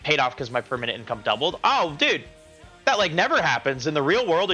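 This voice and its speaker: Bright, chatty streamer man. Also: a little high, big pitch swings, fairly quick, soft background music, rough recording. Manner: rambling, laughs often, frequent restarts. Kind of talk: casual cooking stream chat. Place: home kitchen.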